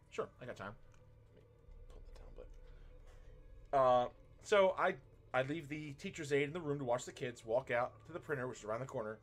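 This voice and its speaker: A man's voice: fairly high pitch, a bit bright. A man in his thirties chatting casually on a stream, telling a story with a lot of swearing and laughter. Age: 30s. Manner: profane storytelling, laughing often. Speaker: streamer and teacher.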